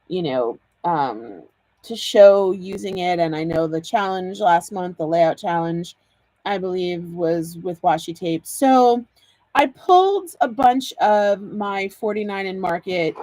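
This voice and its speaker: A woman's voice: lowish voice, darkish tone, no room sound. Chatty woman doing a live craft demo, laughs a lot, says hi to viewers, dry close sound. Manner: bubbly, laughs often, greets viewers by name. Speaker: host of a live card-making demo.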